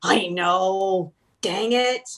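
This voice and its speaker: A woman's voice: medium pitch, very slow, fairly bright tone. A woman from Canada, a business consultant guest, explaining earnestly with examples and laughing often in a casual interview.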